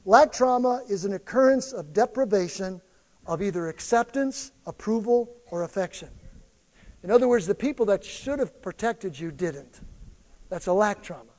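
A male pastor preaches a sermon in a large hall, telling personal stories and acting out the voices of the people in them. He's an animated storytelling preacher whose voice sits high, speaking at a normal speed.

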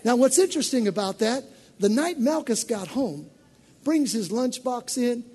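A man preacher giving an animated, conversational sermon to a congregation in church. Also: extremely high pitch, normal speed, slightly rough.

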